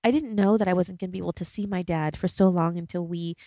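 A woman's voice: on the low side, fairly even intonation, fast, mellow, no room sound, clean studio sound. A woman in her thirties hosting a solo podcast, talking in an earnest, chatty way and often filling with "like" and "you know". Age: 30s. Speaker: podcast host. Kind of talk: reflective solo podcast monologue.

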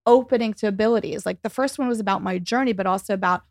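A woman telling a story as a guest in a podcast interview, animated and quick, acting out the people she quotes. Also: medium pitch, no echo, studio quality. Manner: fast, animated, acts out quoted dialogue. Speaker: psychic medium and author, guest.

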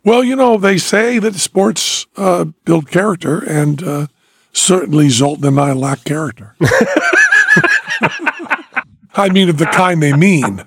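A man teases his co-host deadpan. His voice is gravelly and raspy, with a lively, wide-ranging pitch. The sound is dry and close. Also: normal speed, dry recording. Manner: wry, deadpan teasing. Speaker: podcast co-host. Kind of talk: casual chat.

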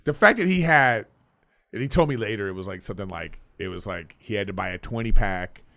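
A man's voice: fairly low pitch, animated, fairly quick, vocal fry, a bit bright. A man chats on a podcast, telling rambling stories with a voice that rises and falls a lot. The sound is dry and close, with no room echo. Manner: rambling anecdotal storyteller. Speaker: podcast co-host. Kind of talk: casual chat.

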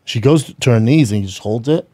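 A man's voice: mid-range voice, expressive, a little fast, dark tone, no echo. A man co-hosting a podcast in casual banter, teasing his partner and explaining grappling moves. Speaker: podcast co-host.

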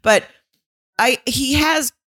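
A woman's voice: sits high, takes it slowly, fairly bright tone, no echo. A woman co-hosting a podcast in casual chat, laughing often and retelling scenes in quoted voices. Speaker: podcast co-host.

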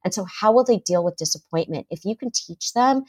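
A woman's voice: mid-range voice, animated, fairly quick, warm tone, husky. A middle-aged woman psychotherapist in a podcast interview, talking animatedly and acting out parents' voices. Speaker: psychotherapist guest.

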